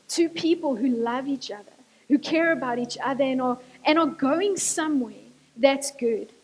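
A woman preaching a sermon, earnest and repeating key lines for emphasis. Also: sits high. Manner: earnest, repetitive emphasis, switches into Afrikaans. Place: church hall. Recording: church hall with long reverb.

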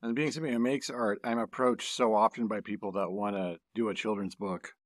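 A man co-hosting a podcast in casual chat. He makes mock-serious, deadpan jokes. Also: on the low side, a little fast, dry recording, clean studio sound. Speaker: podcast co-host and artist.

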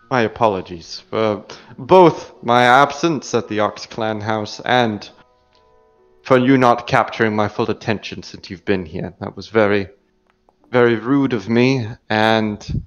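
A man voicing a sly, smooth male clan noble relaxing in a spa, speaking softly and courteously over faint music. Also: fairly low pitch, slow pace.

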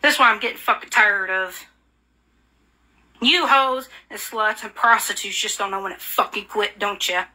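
A woman's voice: medium pitch, moderate pace, pushed and bright. A woman in an angry, profane rant, hurling repeated insults and accusations. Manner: furious, profane, repetitive insults; bitter, accusing.

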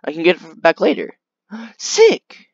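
A man giving casual, excitable gameplay commentary, chatting along and talking to the animals on screen. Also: high voice, unhurried, vocal fry, slightly rough, dry recording, highs cut off. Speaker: gaming video creator.

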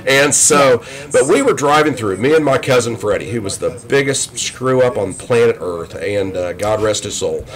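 Rambling, animated middle-aged male storyteller. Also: mid-range voice, moderate pace, hardly any pauses. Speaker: guest. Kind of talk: casual storytelling in a podcast interview.

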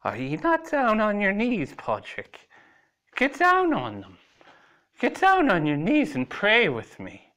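A man's voice: a little high, animated, a little slow, pushed and bright. A man voicing a haughty, domineering old woman, scolding her husband in a spooky story. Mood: commanding. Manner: imperious, scolding.

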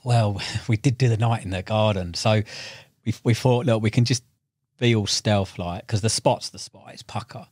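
Animated man telling fishing stories. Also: lowish voice, normal speed, breathy edge, no echo, clean studio sound. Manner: animated, laughs while telling stories, acts out voices. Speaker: podcast guest, tackle shop owner and angler. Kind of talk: casual storytelling chat.

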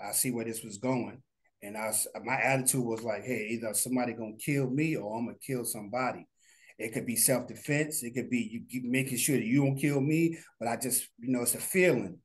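Middle-aged man, guest on an interview show, easygoing and rambling, mid-pitched voice. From New Jersey. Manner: relaxed, rambling, many fillers. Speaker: guest, animation studio founder. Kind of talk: casual interview talk.

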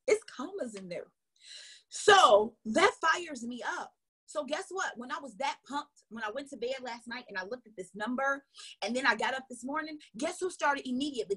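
A woman sales coach giving an energetic, emphatic motivational training talk. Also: high voice, breathy edge. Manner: energetic, emphatic, acts out little dialogues.

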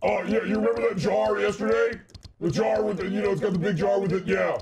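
A man chiming in on a stream as a friend, teasing and shouting jokey insults. His voice is high and gravelly, and a loud crowd sounds behind him. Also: steady tone, brisk.

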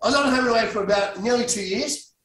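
A man's voice: extremely high pitch, quick pace, a bit bright. A man, a former actor, telling stories in a casual interview, rambling with many restarts and the odd swear word. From Australia. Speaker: guest, former soap actor. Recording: echoey room, distant mic, faint noise.

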